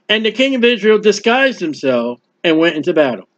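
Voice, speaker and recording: A man preaching a Bible sermon, high-pitched and animated as he acts out the characters. The recording sounds dull and lo-fi. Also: fast, hardly any pauses. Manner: animated, acts out biblical characters, quotes scripture.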